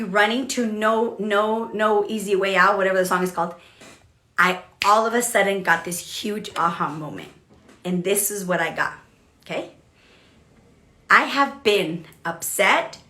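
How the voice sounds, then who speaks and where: A woman giving a chatty, animated motivational livestream talk as a business coach, with frequent "okay" and "like" fillers. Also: medium pitch, echoey room. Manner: animated, chatty, many okays and likes.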